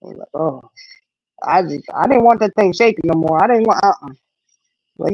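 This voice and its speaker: A woman's voice: on the low side, moderate pace, long pauses, husky, dry recording, lo-fi sound. A middle-aged woman hosting a casual live stream, telling a story animatedly and acting out the voices of the people in it. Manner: animated storyteller, acts out quoted voices, frequent "you know".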